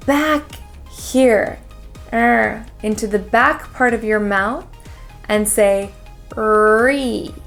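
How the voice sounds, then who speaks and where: An American-accented woman coaches pronunciation at a very slow, deliberate pace, repeating each word again and again. Her voice sits fairly high. Soft music plays quietly under her. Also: gravelly. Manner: slow, careful drilling with repeated words. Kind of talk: pronunciation lesson.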